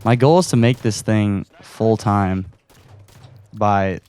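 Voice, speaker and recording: His voice is low, darkish, and clean, and he takes his time speaking. He hosts a solo podcast from his home room while gaming, keeping things casual and self-mocking. He laughs often and is a touch out of breath.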